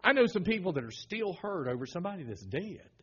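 A middle-aged Southern American pastor preaching with a husky, slightly raised voice. He is folksy and joking, then drops to a hush for the serious points. The recording sounds muffled and lo-fi. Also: sits high, big pitch swings, fast talker. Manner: folksy, humorous, swings from loud to hushed. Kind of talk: sermon.

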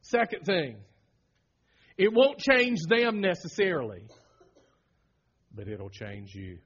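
A middle-aged man with a Southern American accent preaching a sermon as pastor, folksy and humorous, swinging from loud bursts to hushed lines. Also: sits high, big pitch swings, takes it slowly, husky, highs cut off.

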